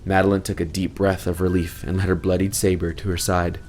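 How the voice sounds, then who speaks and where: A man's voice: deep voice, little pitch movement, a little fast, a little mellow, a little hiss or hum. A man, the author, reading his novel aloud in vivid, emphatic narration. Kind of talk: dramatic storybook narration.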